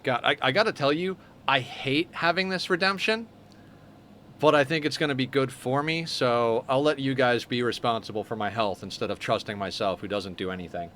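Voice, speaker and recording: A man hosting a live game stream, talking casually to his chat between moves. His voice sits at an ordinary middle pitch, and he rambles along in a loose, friendly flow of small talk. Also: normal speed, a bit bright, a little hiss or hum. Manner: chatty, answers viewer chat while playing.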